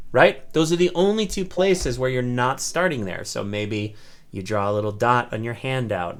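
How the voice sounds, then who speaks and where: A man teaching an online ukulele class, explaining step by step in an encouraging way and often checking in with "right?". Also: mid-range voice.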